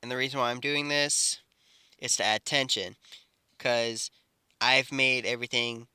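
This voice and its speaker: A young man improvising a fan-fiction story, rambling and halting with many restarts. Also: mid-range voice, fairly even intonation, bright, forceful tone, smooth, no echo, clean studio sound.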